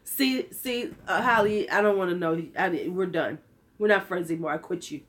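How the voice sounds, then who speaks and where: A woman's voice: on the low side, moderate pace, fairly bright tone. A woman in her fifties, a vlogger chatting casually and sassily with her viewers in a slightly worn-out voice. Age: 50s. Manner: sassy, candid, joking. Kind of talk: casual livestream chat.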